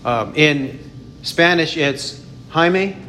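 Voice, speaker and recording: A man's voice: fairly high pitch, a little slow, fairly bright tone, a little hiss or hum. Man teaching a Bible study. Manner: explanatory, with frequent restarts and self-corrections.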